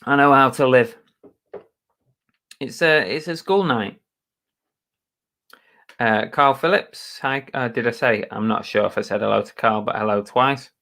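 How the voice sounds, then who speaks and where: A man hosts a relaxed live stream, reading out viewers' names. He talks at an unhurried pace in a mid-range voice. He is chatty and self-mocking, and mutters mild curses at his streaming software. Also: medium pitch, vocal fry. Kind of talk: casual live chat, greeting viewers.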